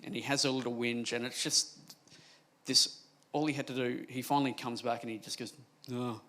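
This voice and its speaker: A man's voice: medium pitch, fairly even intonation, brisk, pushed and bright. A man on a comedy panel who tells jokey stories in a loose, rambling way. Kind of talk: panel discussion.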